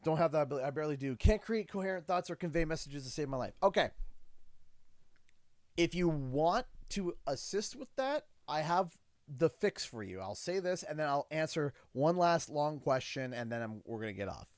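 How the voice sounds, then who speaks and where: A man hosting a livestream in a relaxed, chatty way, his pitch leaping up and down as he acts out little dialogues. He sits somewhat high in pitch for a man. The sound is dry and close, with no room around it. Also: normal speed, dry recording. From Canada. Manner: animated storytelling, acts out his kids' and his own lines in quotes. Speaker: livestream host. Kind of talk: casual livestream chat.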